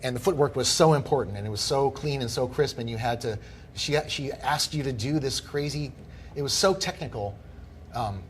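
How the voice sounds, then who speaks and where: A man's voice: mid-range voice, moderate pace, slight background noise. A man in his fifties, a guest telling long stories in casual podcast conversation and acting out what people said. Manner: animated storyteller acting out quoted people.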